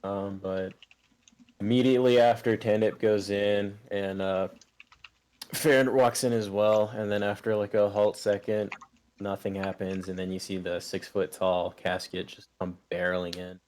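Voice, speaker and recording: A man's voice: on the low side, level tone, measured pace, darkish tone. A young man acting as game master, narrating loosely with lots of filler words. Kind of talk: running a tabletop game over voice chat.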